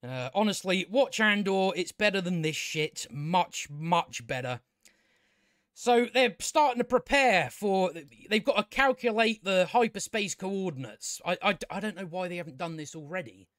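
Male reviewer, high-pitched, dry close sound, stammering, sweary, scornful rant. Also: expressive, moderate pace, a bit bright, no echo. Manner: stammers and repeats words often; profane and scornful. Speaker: show reviewer. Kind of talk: casual ranting review.

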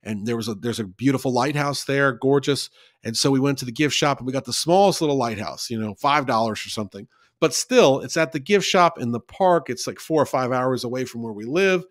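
A man's voice: medium pitch, expressive, a little fast, no echo, clean studio sound. A man giving a conversational Bible study, talking in an earnest, folksy way and repeating points for emphasis.

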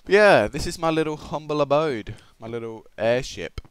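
Excitable Australian man, lively pitch. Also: normal speed. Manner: excitable, swearing, swings from shouted outbursts to low muttering. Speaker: gaming commentator. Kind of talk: live gameplay commentary.

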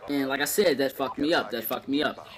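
A man's voice: mid-range voice, brisk. A man talking casually over gameplay footage, rambling with many fillers and restarts and swearing freely. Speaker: gameplay video commentator.

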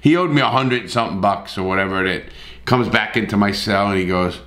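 A man's voice: fairly low pitch, fast, a bit bright, echoey room. A middle-aged man telling a story in a blunt, profane, casual way, with repeated starts.

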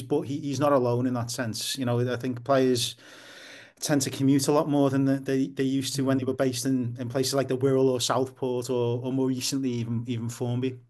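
A man's voice: medium pitch, darkish tone. A man, a football writer, as a guest in a casual podcast interview, explaining at length and restarting often.

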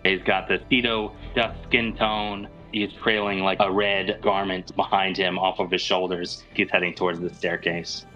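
Give me a man with a low, bright voice narrating a tabletop game as game master. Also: level tone, moderate pace, hardly any pauses, muffled recording, faint music behind. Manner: descriptive, easygoing narration.

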